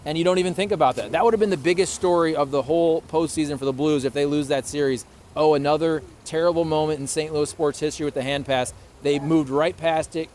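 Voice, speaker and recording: Enthusiastic man, slightly high voice. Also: slight background noise. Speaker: podcast co-host. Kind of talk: casual chat.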